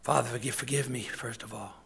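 A man's voice: medium pitch, fairly even intonation, quick pace, creaky, fairly bright tone, slightly rough, pitched below the performer's own voice, heavily acted. A man preaching, voicing a repentant lost young man who talks to himself in a pleading way.

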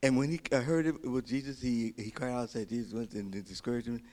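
A man preaching a sermon as pastor, repeating short exhortations and building into loud, excited storytelling. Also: medium pitch, a little fast. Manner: emphatic, repeats key phrases as exhortation.

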